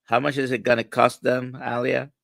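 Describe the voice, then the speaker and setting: A man hosting a livestream in a relaxed way, with many fillers and pauses. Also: mid-range voice, vocal fry, no echo, clean studio sound, soft background music. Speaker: livestream host. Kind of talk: casual livestream talk.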